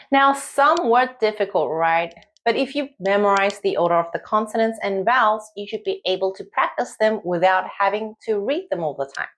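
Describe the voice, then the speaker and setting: A woman's voice: medium pitch, animated, moderate pace, hardly any pauses, fairly bright tone. A woman with a Korean accent teaching beginners, reading syllable drills aloud for listeners to repeat. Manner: reads syllables aloud one by one in careful drill rhythm.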